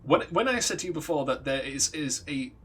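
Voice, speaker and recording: A man's voice: on the high side, animated, fairly quick, fairly bright tone, husky. A young man streaming a game, casually retelling a story in a rambling way and acting out the characters' lines. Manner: rambling, chuckling, acts out quotes.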